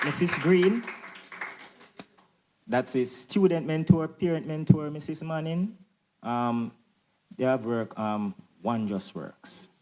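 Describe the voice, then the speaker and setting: A man's voice: mid-range voice, a little mellow. A man giving a grateful parent testimonial at a symposium, fervent and repeating his thanks and blessings. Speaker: parent speaker. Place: symposium hall.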